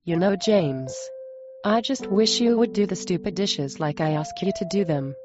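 A woman's voice: on the low side, animated, moderate pace, lightly acted. A woman playing a cold, contemptuous wife. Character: cruel, contemptuous wife insulting her husband. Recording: muffled sound with music behind.

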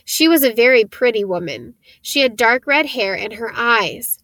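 A woman narrating an audiobook chapter in a gentle, steady storytelling voice. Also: on the high side, normal speed, no room sound. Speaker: audiobook reader.

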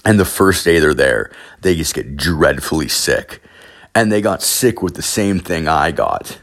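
Deep-voiced man, profane rambling podcast storyteller. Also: animated, unhurried, fairly bright tone. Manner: profane, filler-heavy, with frequent "like". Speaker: podcast host.

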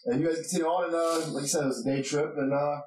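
A man's voice: fairly high pitch, steady tone, racing, darkish tone. A man narrating as game master of a tabletop game, rambling with many fillers. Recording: roomy distant mic with noise.

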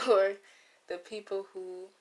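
A young woman vlogger rambles through a casual, comedic monologue, losing her train of thought and tossing in playful asides. Her mid-range voice is flat and slow, recorded on a close microphone.

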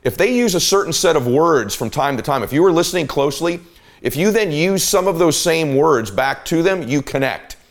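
A man's voice: a little high, lively intonation, moderate pace. A man hosting a podcast, giving a motivational teaching monologue in an emphatic, repetitive coaching manner. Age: adult parent. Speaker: podcast host and sales coach.

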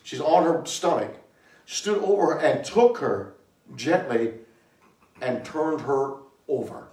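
A man preaching in an echoey room, his voice set a little higher than most men's and picked up from some distance away. He tells stories in an animated way, laughing and breaking into loud shouts. It sounds like a church sermon. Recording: echoey room, mic far from speaker.

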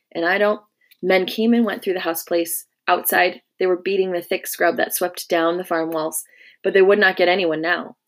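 A woman reading a historical adventure novel aloud in a steady, measured way. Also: on the low side. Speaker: narrator. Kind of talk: storybook reading.

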